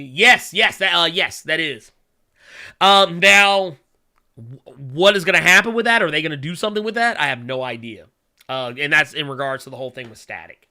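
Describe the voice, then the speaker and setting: Bright-voiced man rambling casually as host. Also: on the high side, normal speed. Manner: rambling, many fillers, hums while reading chat; blunt, profane rants. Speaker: podcast host. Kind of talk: casual solo chat reading viewer questions.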